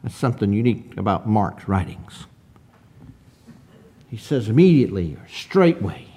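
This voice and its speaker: A man's voice: lowish voice, big pitch swings, warm tone, breathy edge. A man preaching a sermon, reading old-fashioned scripture aloud and asking his listeners rhetorical questions. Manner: slow, deliberate preaching with rhetorical questions and swells of emphasis.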